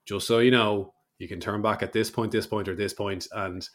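Easygoing low-voiced podcast host. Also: male voice, steady tone, normal speed. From Ireland. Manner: easygoing, lots of fillers and restarts when musing. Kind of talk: conversational interview.

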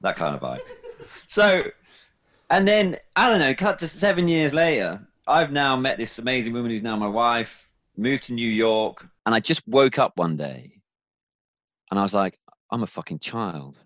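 A man's voice: medium pitch, normal speed, fairly bright tone. A man in his forties, a film director guest, telling a candid personal story with emphatic, freely profane speech. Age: 40s.

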